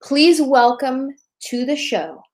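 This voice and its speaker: A woman's voice: high-pitched, takes it slowly. A woman hosting a casual livestream chat show from a borrowed bedroom, chatty and playful, joking through technical trouble over a laptop mic. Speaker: host.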